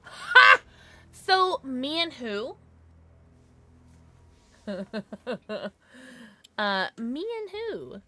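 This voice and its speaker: A woman streamer giving excitable, chatty live gameplay commentary, often gasping and teasing playfully. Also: high voice, very slow, long pauses. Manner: playful mock-polite teasing.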